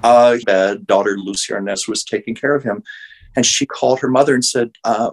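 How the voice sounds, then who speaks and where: A man's voice: mid-range voice, moderate pace, rough recording. A man, an artist and medium, telling an emotional story earnestly as an interview guest over a video call.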